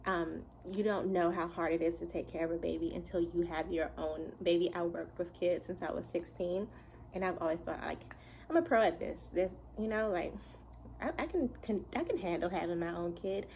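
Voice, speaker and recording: A young woman in a chatty home storytime, her voice sitting a little low for a woman. She tells the story in an animated way, laughing as she goes. A faint hiss sits behind her. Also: a little fast, vocal fry, rough recording. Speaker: vlogger and mother. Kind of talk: casual storytime.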